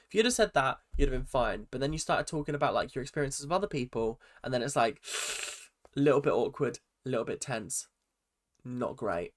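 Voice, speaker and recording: A man's voice: medium pitch, animated, a little fast. A young man giving a chatty, exasperated recap of a reality show, full of ums and restarts. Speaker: reaction vlogger. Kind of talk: casual recap commentary.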